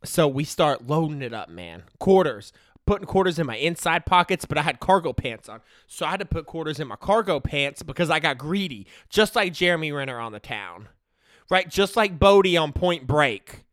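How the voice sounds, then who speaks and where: A man's voice: a little high, sing-song, moderate pace, fairly bright tone, no echo, studio quality. A man in his thirties telling a comic story in a slangy way, checking in with the listener all the time. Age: 30s.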